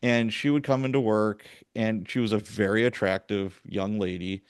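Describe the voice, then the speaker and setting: A man's voice: on the low side, moderate pace, smooth, no echo, clean studio sound. A middle-aged man, a former police sergeant, telling a story in a casual interview and acting out the quoted lines. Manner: animated storyteller, acts out quoted dialogue. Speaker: podcast host, retired police sergeant.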